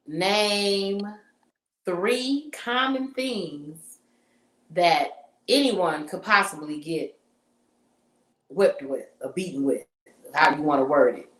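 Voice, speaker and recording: A woman's voice: on the low side, lively intonation, extremely slow, long pauses, a bit bright, reverberant. A woman co-hosting a podcast, talking casually and leading the segment. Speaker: podcast co-host. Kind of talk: casual chat.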